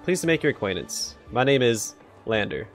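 A man's voice: mid-range voice, sing-song, moderate pace, creaky, faint music behind. A man reading as a self-assured young noble heir. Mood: persuasive.

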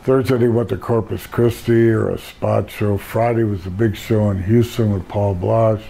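A hoarse older man telling stories about his career in a casual interview, rambling and correcting himself. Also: fairly low pitch, fairly even intonation, moderate pace, dark tone, slight background noise, rough recording. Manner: rambling storyteller, self-correcting. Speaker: interview guest.

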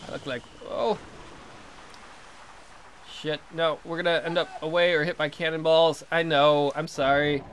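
A young man commentating his own game play casually, excitable and jokey, swearing often and talking back at the game. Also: a little high, unhurried, long pauses, a little hiss or hum. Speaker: let's play host.

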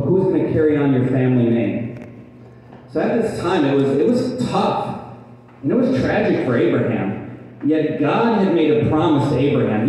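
Mellow-voiced male pastor in an echoey hall. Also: on the high side, far from the mic. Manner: conversational, asks the congregation questions; repeats words as he restarts. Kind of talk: sermon with story reading. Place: church hall.

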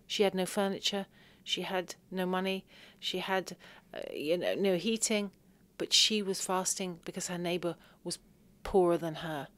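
A woman's voice: lowish voice, normal speed, a bit bright. Emotional woman telling a personal story. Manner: emotional, emphatic, rising to outbursts. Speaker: podcast guest.

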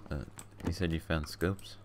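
A man's voice: deep voice, steady tone, moderate pace, noisy background. A young man streaming a game, bantering and laughing casually with a friend. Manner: joking, laughing often. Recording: keyboard clicks behind voice.

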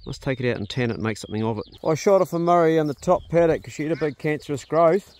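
A middle-aged man with a New Zealand accent, chatting in a relaxed, plain-spoken way as he walks around his farm outdoors. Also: a little high, quick pace. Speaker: vlogger, farm owner. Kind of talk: casual narration on a farm walk.

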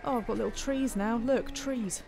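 A woman's voice: on the high side, normal speed, vocal fry, over music. A woman, chatting playfully while streaming a city-building game live, thanking viewers and talking to herself as she plays. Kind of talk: live-stream gameplay commentary.

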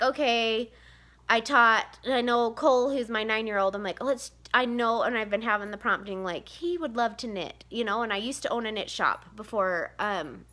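A woman's voice: mid-range voice, pushed and bright. A woman in her thirties talking candidly to camera about mom guilt, rambling with many fillers. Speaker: vlogger, mother of seven. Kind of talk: casual confessional vlog.

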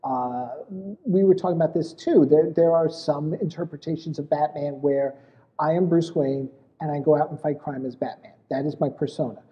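In a laid-back interview, this essay author and podcaster meanders from point to point, often starting sentences over and filling gaps with "you know." He speaks at a moderate pace in a voice on the high side, captured in muffled, dull sound with a long, lingering echo.

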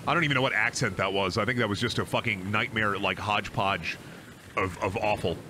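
Over some background noise, a man with a lowish voice talks a little fast while streaming a game. He cracks crude jokes, chats with his viewers, and slips into goofy voices during his casual play-by-play.

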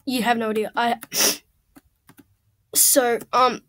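A young woman with a high voice talks over her game at home, chatty and rambling. She gets excitable fast and swears freely as she plays. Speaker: gamer. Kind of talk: casual gameplay commentary. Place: home room at a computer.

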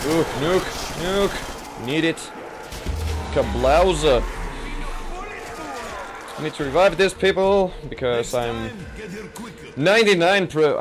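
A young man from Finland giving rambling, jokey commentary over his game. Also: on the high side. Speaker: gaming commentator. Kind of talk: casual gameplay commentary. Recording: noisy game audio behind.

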